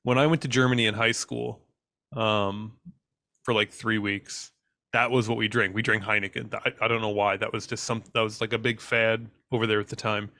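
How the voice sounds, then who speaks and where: A man's voice: fairly low pitch, flat delivery, normal speed, sharp tone, no room sound, studio quality. A man co-hosting a podcast, chatting loosely with swearing and rambling anecdotes, laughing along. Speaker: podcast co-host. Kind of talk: casual chat.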